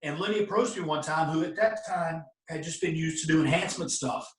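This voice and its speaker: Animated man telling stories, distant and roomy. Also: on the high side, fairly quick. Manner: animated, acts out quoted voices, bursts into loud exclamations. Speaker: interview guest, former pro wrestler. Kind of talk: casual anecdotal storytelling.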